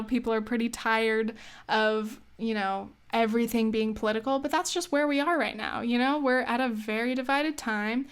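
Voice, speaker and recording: A woman's voice: a little high, clean tone. A young woman hosting a solo podcast, talking in a rambling, opinionated way, often laughing and correcting herself. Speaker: podcast host. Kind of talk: casual solo podcast commentary.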